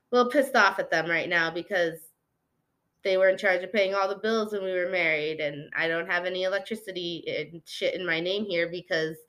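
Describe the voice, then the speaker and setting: A woman hosting her own podcast, talking candidly and rambling, swearing freely and restarting her sentences, a little high while recording. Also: pushed and bright. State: slightly high. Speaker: podcast host. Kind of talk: casual personal podcast monologue.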